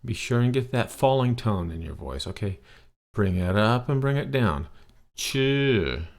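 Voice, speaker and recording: A man teaching a recorded beginner language lesson, patient and encouraging, checking in with "okay?" as he explains. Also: lowish voice.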